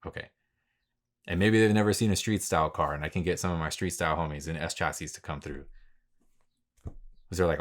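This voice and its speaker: A man's voice: deep voice, fairly even intonation, brisk, long pauses. A man hosting his own podcast, talking in a laid-back, rambling way with lots of slang and swearing. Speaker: podcast host. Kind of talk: casual solo podcast monologue.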